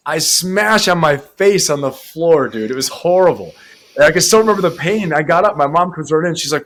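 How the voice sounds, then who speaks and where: A man hosting a casual chat, telling a funny story in an animated way with frequent laughter. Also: on the high side, fairly quick.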